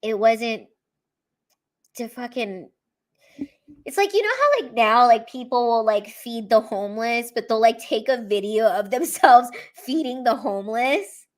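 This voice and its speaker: High-voiced tearful young woman, swearing. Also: expressive, unhurried. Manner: emotional, swearing freely, rambling with many "like"s. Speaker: comedian livestreaming to fans. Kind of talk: casual livestream chat.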